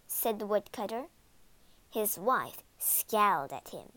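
A woman narrating a children's storybook aloud in an animated, dramatic way. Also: mid-range voice, takes it slowly. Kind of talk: expressive storybook read-aloud.

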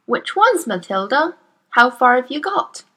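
A woman reading a storybook, voicing a kind young schoolteacher who speaks to her class in an encouraging, measured way. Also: sits high, sing-song, pushed and bright, slightly rough, pitched above the performer's own voice, exaggerated voice. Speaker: teacher.

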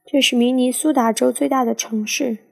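A woman talks through an English sentence in a language lesson, going word by word. Her voice sits a little high but has a gravelly, husky grain, and her tone is dark and mellow. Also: steady tone, brisk. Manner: clear step-by-step explanation. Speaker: English teacher.

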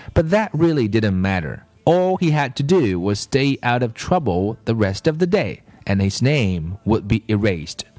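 A man reading a children's story aloud in an expressive, measured manner. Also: mid-range voice. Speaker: narrator.

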